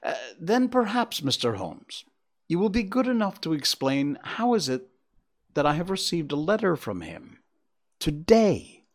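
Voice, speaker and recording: A man putting on an earnest Victorian lady who won't let a question go, her voice swooping up high and dropping low as she pleads and insists, told like a storybook. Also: big pitch swings, a little slow, heavily acted. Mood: insistent. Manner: pleading, pressing for plain answers. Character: Victorian woman, anxious wife, earnest and insistent.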